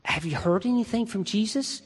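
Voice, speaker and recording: A preacher voicing a sick man, hushed and hopeful. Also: sits high, moderate pace, slight background noise, pitched above the performer's own voice, close to an everyday voice. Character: gravely ill man hoping to be healed. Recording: long reverb in a large hall.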